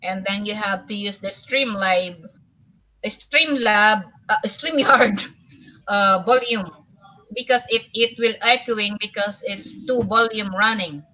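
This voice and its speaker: Filipino woman hosting a live chat, slow delivery, bright tone, slightly muffled, faint hiss. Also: mid-range voice, dry recording. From Philippines. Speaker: livestream host. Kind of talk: casual chat.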